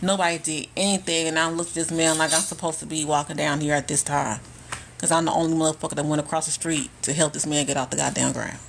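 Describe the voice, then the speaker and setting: A woman's voice: low-pitched, little pitch movement, quick pace, gravelly, a little hiss or hum. A woman telling stories casually on a phone live stream, blunt, profane and repeating herself for emphasis. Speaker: spiritual content creator. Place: indoors at home on a live stream.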